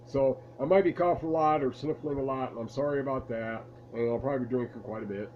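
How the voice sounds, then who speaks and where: Talking fast in a mid-range voice, a laid-back vlogger tells the camera a rambling, amused story about his past from a room at home lit by a lamp. The recording is muffled, with slight background noise.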